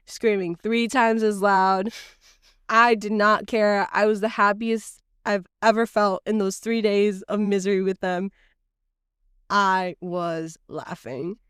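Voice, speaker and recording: A woman's voice: mid-range voice, a bit bright, clean tone, no room sound, clean studio sound. A woman co-hosting a casual podcast chat, laughing often while she tells stories with lots of feeling. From United States. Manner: laughs often, acts out voices in anecdotes. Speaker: podcast co-host. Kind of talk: casual chat, animated storytelling.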